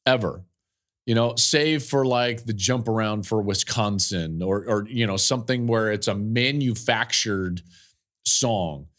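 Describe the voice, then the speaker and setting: A man with a lowish voice hosts a sports podcast. He tells a story earnestly, at times close to tears, repeating himself and reaching for fillers along the way. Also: a little slow, a bit bright. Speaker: podcast host and football analyst.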